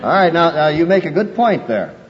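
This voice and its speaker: A man preaching a sermon, lively and conversational, acting out people's excuses in a raised voice. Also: a little fast. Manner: animated, acts out quoted excuses in a higher voice. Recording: muffled old hall recording with faint noise.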